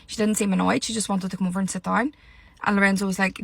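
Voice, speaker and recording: A young woman vents in a heated, sweary rant. Her voice is bright and forceful. The recording is dry and close, with no room sound. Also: mid-range voice, flat delivery, fast, vocal fry, slightly rough, no echo. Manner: heated, sweary, exasperated ranting. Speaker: reality TV commentator. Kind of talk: ranting vlog.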